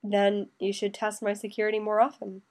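Woman reading a calm young emperor guy, slow and dry, teasing a bit. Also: mid-range voice, natural voice. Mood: firm. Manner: slow, measured, dryly teasing.

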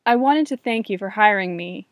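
A woman's voice: medium pitch, lively intonation, normal speed, no room sound, natural voice. A woman voicing a charming, slightly nervous young man in a read-aloud story, playful and coaxing.

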